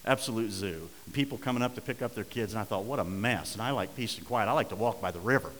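A middle-aged man preaching a sermon, telling a story and swinging between hushed and loud, urgent passages. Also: on the low side, quick pace, long reverb tail, slight background noise, rough recording. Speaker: pastor.

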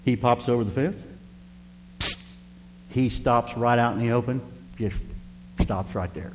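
A man's voice: mid-range voice, measured pace. Man preaching a story in a hall. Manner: animated, talks straight to the congregation. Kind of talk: sermon storytelling. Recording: reverberant hall with faint hum.

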